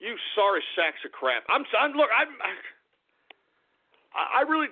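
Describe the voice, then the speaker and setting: A man's voice: high-pitched, very animated, normal speed. A man hosting a call-in radio show, ranting in exasperation, stammering and swearing. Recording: phone-like lo-fi radio audio.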